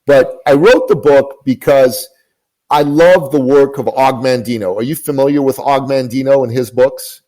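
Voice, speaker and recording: Earnest male guest, emphatic storyteller, mid pitch, repeats himself for effect. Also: normal speed, warm tone, low-quality recording. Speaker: guest, business coach. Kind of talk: podcast interview storytelling. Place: lives in Canada.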